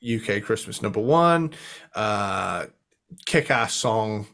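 A man's voice: fairly low pitch, expressive, slow, vocal fry, a bit bright. A man co-hosting a podcast, chatting casually and with enthusiasm, humming guitar riffs and swearing freely. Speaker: podcast co-host. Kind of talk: casual chat.

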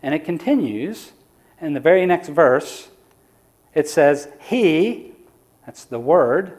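A man's voice: fairly high pitch, animated, slow, long pauses, a little mellow. A man preaching in a church, teaching the audience in a conversational lecture style and asking them questions. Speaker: evangelist.

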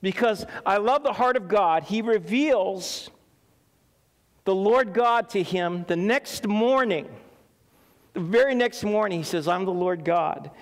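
In a high-pitched voice and taking his time, a middle-aged pastor delivers a sermon built on animated storytelling. He laughs and acts out quoted speech, while the recording carries a long hall reverb.

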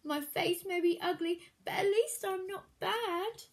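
A woman reader voicing a sad, misunderstood female witch who loves baking, with a slow, mournful, raised delivery. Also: very high voice, voice pushed up. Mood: sad, wounded. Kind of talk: storybook reading.

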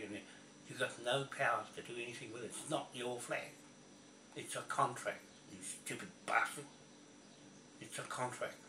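A man from New Zealand rants bluntly, swearing and repeating himself as he talks. His voice is bright and sharp. He sits back from the mic in a roomy, echoey space with faint ambient noise. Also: mid-range voice, recorded from a distance. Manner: blunt, profane, repetitive ranting. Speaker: video blogger. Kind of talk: angry ranting monologue.

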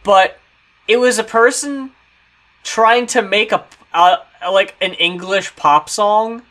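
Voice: mid-range voice, slow pace, fairly bright tone. A co-host in a casual album review chat, wry and laughing along. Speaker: co-host of a music review show.

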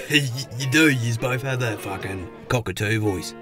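A man's voice: mid-range voice, normal speed, music in the background, natural voice. A man voicing an easygoing Australian pub regular in a cartoon, swearing in every sentence. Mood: laid-back. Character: laid-back Aussie bloke in high-vis, pub regular. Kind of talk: animated cartoon voice acting.

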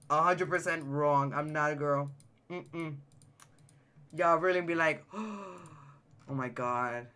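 A male game streamer with a high-pitched voice that sometimes cracks, chatting excitedly and answering his live chat while he plays. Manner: excitable, chatty, reacts to chat, repeats phrases.

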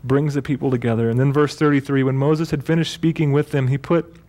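This pastor's sermon comes in a mellow, medium-pitched voice that stays steady and moves fairly quickly. His delivery in the church is conversational and playful, full of self-corrections partway through sentences.

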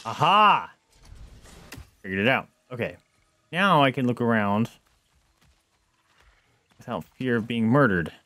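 Chatty, excitable young man gaming. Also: mid-range voice, a little slow, pauses often, no echo. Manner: chatty, rambling, excitable outbursts. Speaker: streamer playing a game. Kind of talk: casual gameplay chat to viewers.

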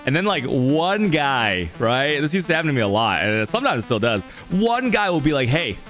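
A man's voice: a little high, big pitch swings, moderate pace, a bit bright, soft background music. A young man streaming live, chatting casually with his viewers in a rambling, laughing way with lots of fillers.

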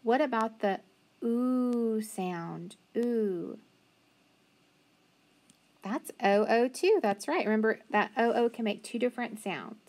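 A woman's voice: fairly high pitch, darkish tone. Patient woman teaching phonics to kids. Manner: patient, encouraging, sounds out letters slowly. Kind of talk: phonics lesson for young children.

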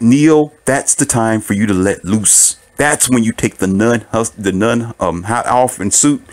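A man giving relationship advice in a casual monologue to listeners, preachy and animated, often laughing at his own points and piling up rhetorical questions. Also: medium pitch.

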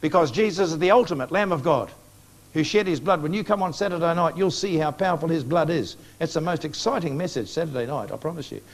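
A man's voice: fairly high pitch, fast. A man with a New Zealand accent preaching a sermon to a congregation, urging them earnestly and appealing to them directly. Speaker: evangelist preacher. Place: church meeting before a live congregation.

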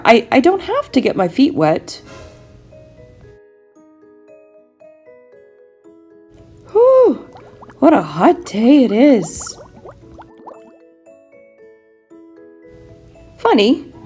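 A woman's voice: high voice, sing-song, unhurried, darkish tone, breathy edge, soft background music, voice pushed up, heavily acted. A woman voicing a clumsy, nearsighted little boy dinosaur in a storybook reading, earnest and a bit stammering. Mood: cheerful.

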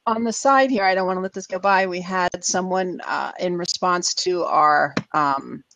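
Woman host, Massachusetts–New York accent, chatty and quick to laugh, dry close mic. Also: on the low side, fairly bright tone, dry recording, lo-fi sound. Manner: chatty, laughs easily, spells words out slowly. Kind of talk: casual web panel chat.

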